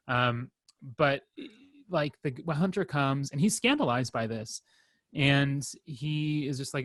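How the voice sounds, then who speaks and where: A young man co-hosting a podcast, talking in a rambling, halting way with lots of fillers and restarts and some wry self-deprecating humor. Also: mid-range voice, animated, fairly bright tone, no echo. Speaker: podcast co-host. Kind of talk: casual chat.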